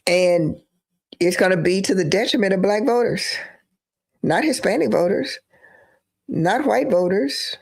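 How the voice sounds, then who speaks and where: A woman's voice: medium pitch, a little slow, vocal fry, long pauses, a little mellow, husky. A woman giving emphatic live-stream political commentary, repeating phrases for emphasis.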